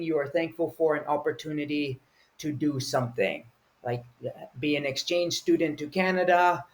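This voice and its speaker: A man teaching English vocabulary, explaining each word patiently and acting out short example feelings. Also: fairly high pitch.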